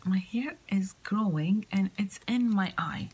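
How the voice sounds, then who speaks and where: A woman vlogger opening craft mail at home, talking in a soft, hushed half-whisper and gushing over each item. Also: medium pitch, unhurried, slight background noise, poor audio. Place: home, indoors. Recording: loud crinkling of paper packaging.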